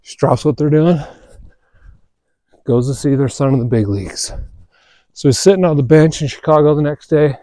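Male podcast host, mellow easygoing storyteller, dry close sound; hops into the characters' voices now and then. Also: fairly high pitch, normal speed, long pauses, dry recording. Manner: relaxed, chatty storyteller who acts out quoted dialogue. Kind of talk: casual storytelling monologue.

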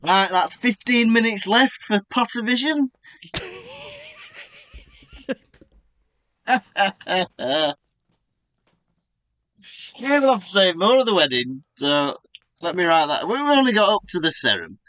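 A man with a bright, lively voice that climbs and dips, summing up a story with wry, playful asides. He leans slow and deliberate, and the recording is dry and close. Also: high voice, no room sound. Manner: wry, teasing, playful summarizer. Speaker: podcast co-host. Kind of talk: casual chat and chapter recap.

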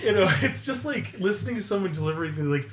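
A man's voice: high-pitched, lively intonation, quick pace. A man hosting a casual podcast chat, rambling and joking with frequent fillers. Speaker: podcast host. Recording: echoey room.

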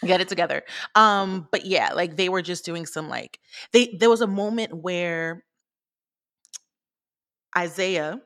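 A woman's voice: on the low side, unhurried, pauses often, fairly bright tone, dry recording, studio quality. A young woman co-hosting a podcast in casual chat, laid-back and slangy, laughing easily. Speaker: podcast co-host.

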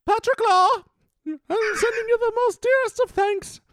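A man putting on a mock old queen in a piping falsetto, fussy and regal. The voice is squeaky and wobbly, and the sound is close and dry with no room. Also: moderate pace, fairly bright tone, no room sound. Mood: giggly regal. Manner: squeaky falsetto, breaking into laughter. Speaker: host.

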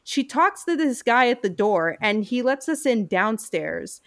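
A woman's voice: on the high side, very animated, measured pace, no room sound, clean studio sound. Chatty New woman telling stories. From United States. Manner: chatty storyteller with frequent fillers. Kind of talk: casual chat.

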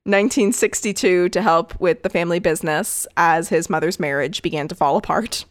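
A woman's voice: on the low side, a little fast, dry recording, clean studio sound. A woman co-hosting a podcast, telling a case story in casual chat with frequent asides and the odd swear word.

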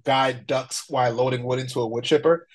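A man's voice: medium pitch, steady tone, fairly quick. A man chatting casually as a podcast guest, laid-back, laughing often and using fillers. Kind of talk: casual chat.

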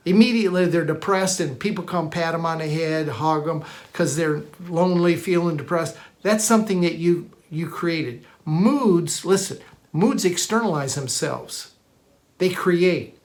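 A preacher in the middle of a sermon, pressing each point home with emphatic repetition. The voice sits at a middling pitch and stumbles over restarts. It speeds through some phrases and draws others out slowly. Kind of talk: sermon teaching.

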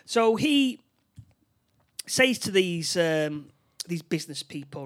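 A man talks through a film's plot in a relaxed chat, his pitch sitting a bit higher than most men's. He stops and restarts often and keeps checking in with tag questions. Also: slow. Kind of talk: casual film recap chat.

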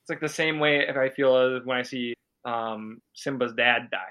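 A man co-hosting a casual sports podcast, sharing blunt opinions in a bright, clear voice. He runs through the news items and moves the show along. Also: mid-range voice, fairly even intonation, moderate pace. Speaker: podcast co-host. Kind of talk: casual chat.

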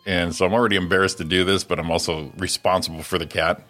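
A man's voice: sits low, level tone, fast, bright, forceful tone, soft background music. A middle-aged man co-hosting a morning radio show in casual chat, laughing often and chiming in with jokes. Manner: laughs often, jokey interjections.

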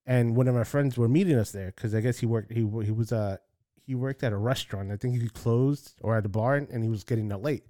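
A man chatting casually and telling an animated story, acting out the quoted voices with sudden jumps in pitch. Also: fairly quick, no room sound, clean studio sound. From South Florida. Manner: acts out quotes with jumps in pitch, swears freely.

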